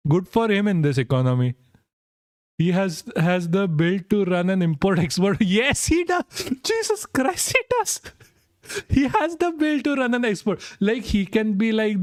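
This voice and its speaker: Young male streamer, slightly high voice, giggly and profane, dry close-miked sound. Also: a little mellow, clear, resonant tone, no room sound. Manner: giggly, swearing, laughing through words. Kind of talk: casual reaction stream chat.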